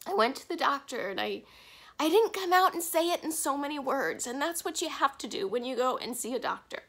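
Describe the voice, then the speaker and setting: A woman talking candidly to camera in a personal confessional vlog, halting at times with restarts and soft breaks. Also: very high voice. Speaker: vlogger.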